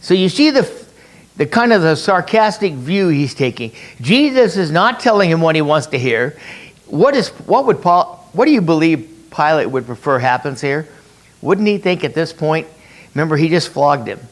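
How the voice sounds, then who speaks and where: A man's voice: on the high side, big pitch swings, normal speed. A man leading a conversational Bible study, explaining through rhetorical questions and repeating his key points. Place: church meeting room.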